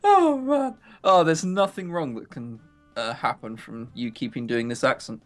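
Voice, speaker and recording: A man's voice: medium pitch, normal speed, faint music behind. A man streaming a visual novel, chatting casually with a co-player and laughing through teasing banter. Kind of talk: casual live-stream chat.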